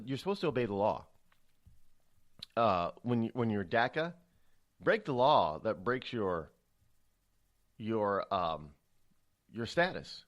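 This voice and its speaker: A man's voice: medium pitch, fairly bright tone. A man hosting a talk radio show, giving solo political commentary in a rambling, indignant way, often repeating and restarting words. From United States.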